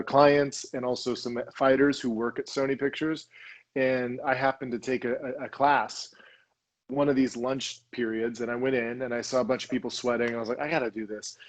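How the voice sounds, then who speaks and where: A young adult man from Los Angeles, telling stories as a guest and acting out quoted lines. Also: medium pitch. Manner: animated storyteller, acts out quoted lines. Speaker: guest, documentary filmmaker. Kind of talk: casual interview.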